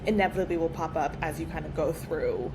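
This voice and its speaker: A woman physical therapist chatting as a podcast guest, speaking in quick run-on sentences full of "like". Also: deep voice. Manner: fast, filler-heavy, frequent "like". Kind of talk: casual podcast chat. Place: podcast studio. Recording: background noise.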